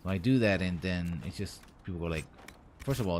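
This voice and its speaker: A man's voice: low-pitched, a little fast, background noise. A man streaming a game live, rambling to himself with jokey asides and puns as he plays. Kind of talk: live gameplay commentary.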